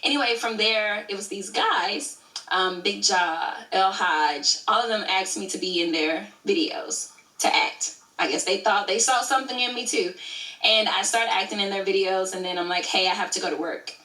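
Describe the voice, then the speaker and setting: A woman's voice: medium pitch, normal speed, bright, forceful tone, distant mic. A woman in her thirties from Alabama, a creator of scripted shows, telling her story in a chatty, easygoing way during an interview. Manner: chatty, storytelling, laughs easily. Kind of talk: casual interview answers. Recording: echoey room, away from mic.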